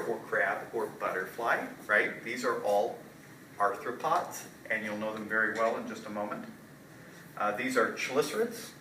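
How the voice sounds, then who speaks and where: A man's voice: on the low side, pushed and bright. Man lecturing in an echoey hall. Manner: casual, quizzing students with frequent "right?". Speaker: college zoology lecturer. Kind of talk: classroom lecture. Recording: roomy lecture hall from far off, light noise.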